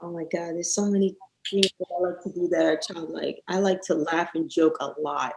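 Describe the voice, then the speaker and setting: A woman guest on a casual podcast interview, telling stories lively and laughing often. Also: fairly low pitch, a little fast, creaky, roomy sound, low-quality recording.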